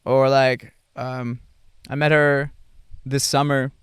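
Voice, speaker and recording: A young adult man hosting a podcast, talking through his thoughts in a rambling, halting way with many fillers and restarts. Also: medium pitch, level tone, smooth, dry recording, studio quality. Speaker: podcast host. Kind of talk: casual reflective monologue.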